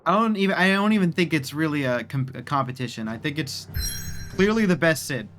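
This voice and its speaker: A man's voice: a little high, lively intonation, fairly quick, fairly bright tone, soft background music. A man casually commenting on a game during a live stream, chatty, rambling and profane.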